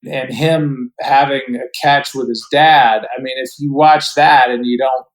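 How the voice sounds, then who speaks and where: A man's voice: medium pitch, fairly even intonation, unhurried, rough recording. Reflective middle-aged man telling stories. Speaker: guest broadcaster. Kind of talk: relaxed podcast storytelling.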